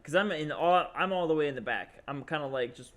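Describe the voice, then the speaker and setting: A young man co-hosting a podcast tells a long, rambling story in casual conversation, packed with fillers and acted-out quotes. His voice is fairly high and fairly quick, with a crowd audible behind him.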